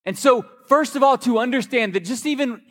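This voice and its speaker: A man preaching a sermon in a church, a lively, joking storyteller. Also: very high-pitched, fairly quick. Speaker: pastor. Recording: long hall reverb.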